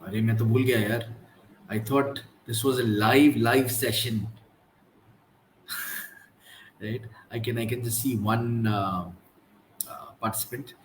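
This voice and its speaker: A man with an Indian English accent hosting a casual live-stream talk, chatting loosely and slipping in quick Hindi asides. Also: medium pitch, steady tone. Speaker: host of a live productivity talk. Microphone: live stream from computer. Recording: roomy echo, faint background noise.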